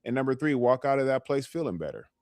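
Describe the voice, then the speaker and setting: A man's voice: mid-range voice, sing-song, fast, a little mellow, no echo. A man, a health coach, giving motivational advice on a live stream in a conversational way, often checking in with "okay?". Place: lives in California.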